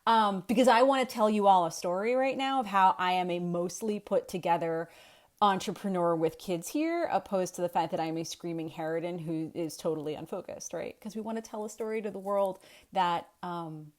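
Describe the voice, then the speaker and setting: Woman, 30s, lower register, home webcam talk, reflective and rambling coaching tone. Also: normal speed. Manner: thinking aloud, with restarts and rhetorical questions. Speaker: storytelling coach. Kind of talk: casual talk to camera. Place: home with kids in the next room.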